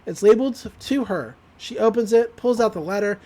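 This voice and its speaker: A podcast co-host giving an animated, giggly retelling of a cartoon episode. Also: mid-range voice, moderate pace.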